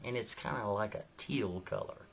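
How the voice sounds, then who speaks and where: A man's voice: on the low side, big pitch swings, moderate pace, creaky, fairly bright tone, slightly rough. A man telling a story in a folksy, chatty way, often turning aside to the listener. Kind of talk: casual spoken storytelling.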